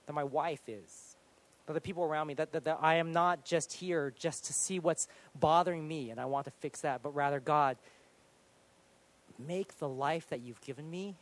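A man in his thirties preaching a sermon, telling a personal story in an animated, self-deprecating way with sudden loud outbursts. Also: a little high. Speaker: pastor.

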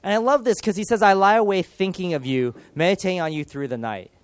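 Male pastor, 30s, earnest and animated, slightly high voice, dry close recording. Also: quick pace, no echo. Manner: earnest, animated, with dramatic shifts in loudness. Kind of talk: sermon.

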